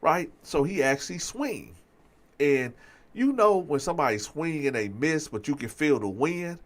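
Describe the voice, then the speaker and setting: A man spins a story in casual talk, animated and quick to act out what each person said. He keeps turning to his listeners with a questioning tag as he goes. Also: fairly high pitch. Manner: animated street storytelling, acts out quotes, frequent "right?". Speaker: storyteller host.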